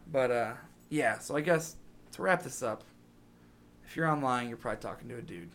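A man's voice: mid-range voice, normal speed, fairly bright tone. Laid-back young man hosting a podcast. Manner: laid-back, joking, rambling sign-off. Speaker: podcast host. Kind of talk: casual podcast chat.

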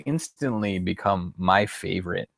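A man's voice: deep voice, a little slow, gravelly, a bit bright, dry recording. A man co-hosting a podcast in casual chat, rambling, restarting his sentences and chuckling often. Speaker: podcast co-host.

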